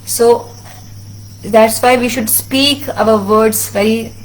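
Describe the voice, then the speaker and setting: A woman translating a religious discourse, telling a sacred story earnestly with frequent halting restarts. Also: on the high side, steady tone, low-quality recording. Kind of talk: sermon storytelling.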